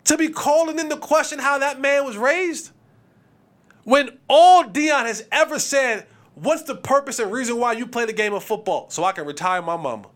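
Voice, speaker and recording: A man hosting a sports podcast, giving opinionated commentary in an animated, preachy way and acting out quotes. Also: extremely high pitch, normal speed.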